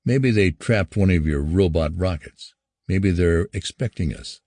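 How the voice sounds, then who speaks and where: A man reading the lines of a wry, excitable male astronaut. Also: low-pitched, a little slow, no room sound, studio quality. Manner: wry, shouting questions.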